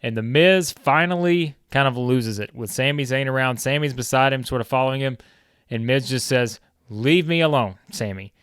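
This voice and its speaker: A man's voice: mid-range voice, steady tone, normal speed, a bit bright, smooth, no room sound, studio quality. A man hosting a gaming video, giving a chatty, casual recap of his game with lots of fillers.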